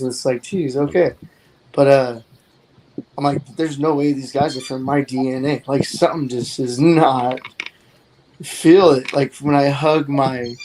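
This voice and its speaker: A man's voice: medium pitch, background noise. A man in his forties, a guest on the show, talking in a rambling, earnest way that often trails off. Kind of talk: casual chat.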